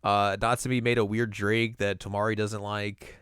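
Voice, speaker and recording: Playful man with a smooth, dry voice. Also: fairly low pitch, flat delivery, a bit bright, no room sound. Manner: playful, acts out characters' lines in quick put-on voices. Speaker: anime podcast co-host. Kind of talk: casual recap chat.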